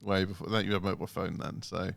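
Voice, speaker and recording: A man co-hosting a casual podcast, animated and lively, breaking into mocking imitations of automated phone messages. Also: low voice, quick pace, gravelly, dry recording. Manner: animated, mimics phone recordings in sing-song voices. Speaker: podcast co-host.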